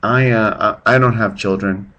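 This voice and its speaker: A man's voice: on the low side, steady tone, normal speed, fairly bright tone, muffled recording. A man hosting his own podcast off the cuff, rambling and self-deprecating, telling a joke with little voices for its characters. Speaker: podcast host. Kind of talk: off-the-cuff casual monologue. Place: at home, drinking beer while his partner sleeps.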